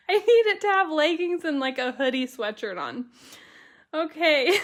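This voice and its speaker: A bubbly woman with a high voice leads a live craft tutorial. She chats with her viewers and talks slowly, breaking into giggles as she goes. Her manner is easy and chatty. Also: sing-song, a bit bright. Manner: giggly, laughing through her words. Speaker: watercolor stamping instructor.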